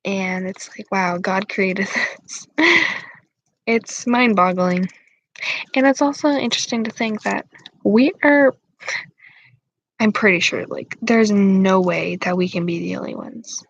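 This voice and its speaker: A woman's voice: medium pitch, slow pace, pauses often, poor audio. A young woman hosting her channel, chatting casually with viewers in a rambling, giggly way full of fillers.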